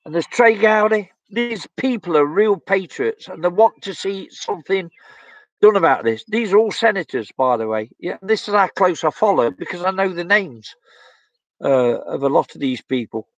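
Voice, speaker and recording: A man's voice: sits high, animated, normal speed, dry recording. A man hosting a casual live stream, talking bluntly and heatedly with many fillers and restarts while reading viewer comments. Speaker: vlogger reading live chat. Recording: dull lo-fi dry sound.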